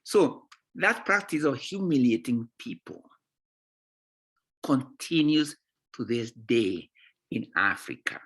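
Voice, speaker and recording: A man speaks as a guest author in an impassioned, emphatic way, often pausing to check in with "eh?" and "right?". His voice is bright and forceful, with a pitch in the ordinary middle range for a man. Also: lively intonation, slightly rough. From Kenya. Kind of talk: impassioned talk in a conversation series.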